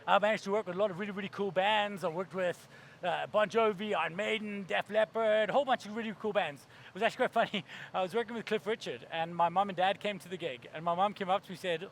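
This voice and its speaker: A man's voice: high-pitched, quick pace, a little hiss or hum. A man giving a keynote talk on stage, brash and profane, acting out voices for comic effect. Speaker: keynote speaker.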